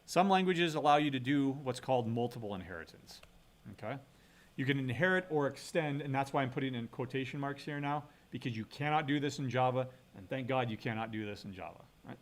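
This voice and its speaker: Middle-aged man, mid-pitched, casual university lecturer, chatty and thinking aloud, leans on "right?". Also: brisk. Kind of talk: recorded classroom lecture.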